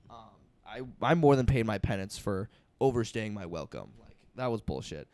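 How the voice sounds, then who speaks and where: A man's voice: lowish voice, normal speed, hardly any pauses. Young man telling a crude story. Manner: swearing, animated storytelling with quoted asides. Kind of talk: casual podcast chat.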